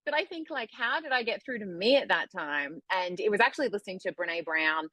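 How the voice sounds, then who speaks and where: A woman's voice: mid-range voice, fairly quick, no room sound. A woman speaking candidly in a casual podcast conversation, giving advice about eating habits and emotions. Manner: candid, animated when acting out quotes. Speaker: guest, food coach.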